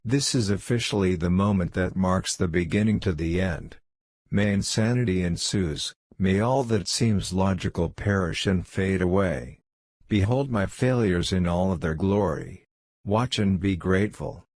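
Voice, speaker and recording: A man's voice: sits low, a little slow, darkish tone, dry recording, studio quality. A man reading a mock-epic introduction in a grandiose, theatrical manner.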